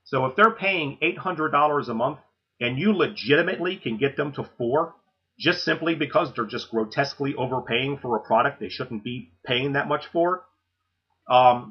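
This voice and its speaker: A man giving a recorded sales training talk, coaching in a direct way and checking in with listeners with a quick "okay?". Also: medium pitch, breathy edge. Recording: muffled lo-fi recording.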